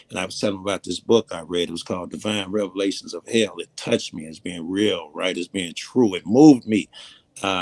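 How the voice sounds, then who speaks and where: A man's voice: lowish voice, vocal fry, dry recording. A man telling a personal story in casual conversation, blunt and profane, rambling as he goes. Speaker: panel guest.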